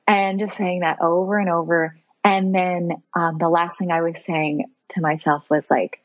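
A woman's voice: lowish voice, a little slow, no room sound, dull audio. A woman in her thirties, a podcast guest, telling a personal story in an earnest, heartfelt, self-reflective way.

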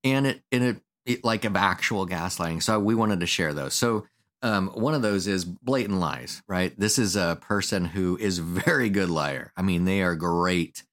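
Deep-voiced man chatting casually. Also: moderate pace, fairly bright tone. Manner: chatty, laughs often, acts out quotes. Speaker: therapist and podcast host. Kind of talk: casual podcast chat.

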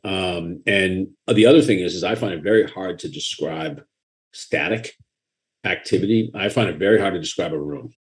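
A man with a Boston accent, an author talking frankly and with animation in a casual interview. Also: sits low. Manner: frank and animated, quick asides and laughter.

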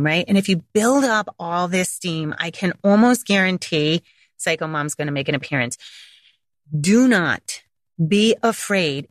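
A woman's voice: medium pitch, no echo. A middle-aged woman hosting a parenting podcast, giving blunt, emphatic advice in a casual monologue. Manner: direct, blunt, emphatic with repetition.

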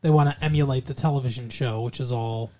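A man co-hosting a casual movie review podcast, rambling and joking, slipping into quick impressions. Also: mid-range voice, steady tone, dark tone. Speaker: podcast co-host.

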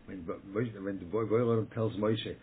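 A man's voice: lowish voice, steady tone, slow pace. A man teaching a Torah lesson as a rabbi, answering questions in an emphatic way, repeating himself and often checking in with his listeners. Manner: emphatic, repeats words, checks in with "yeah?" and "okay?". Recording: tinny phone-like line with faint noise.

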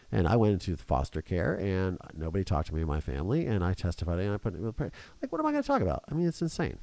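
A man's voice: deep voice, sing-song, quick pace, creaky, few pauses, a little mellow, dry recording. A young adult man hosting a podcast, telling an emotional family story in casual chat. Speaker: podcast host.

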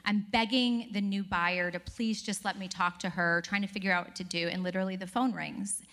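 A woman speaking on a stage before a live audience, telling animated stories and laughing as she talks to the crowd. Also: medium pitch, a little fast.

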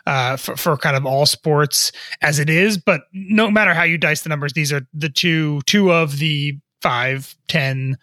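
A man's voice: on the high side, measured pace, few pauses, pushed and bright, no echo, clean studio sound. A man co-hosting a sports business podcast, thinking aloud with frequent stammers and restarts. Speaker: co-host, sports business reporter. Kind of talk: podcast discussion.

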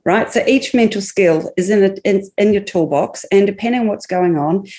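A woman's voice: medium pitch, moderate pace. A woman psychologist, a podcast guest, explaining ideas with stories in casual chat. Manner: warm explanatory, storytelling.

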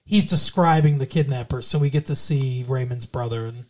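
A man's voice: mid-range voice, normal speed, a little mellow. A man co-hosting a podcast, chatting casually about a movie, swearing freely and retelling scenes. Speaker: podcast co-host. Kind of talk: casual movie-review chat.

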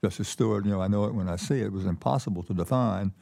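An older man, a keynote guest, telling stories in a relaxed conversational way, often repeating words and pausing with fillers. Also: lowish voice, creaky. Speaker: keynote guest, former ambassador. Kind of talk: conversational storytelling. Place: conference stage with audience.

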